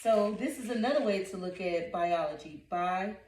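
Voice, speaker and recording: A woman's voice: mid-range voice, animated, moderate pace, a little mellow. A woman working as a reading coach, giving a phonics lesson in a patient manner and repeating each word syllable by syllable. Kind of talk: phonics lesson, sounding out words. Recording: echoey room, voice from a distance.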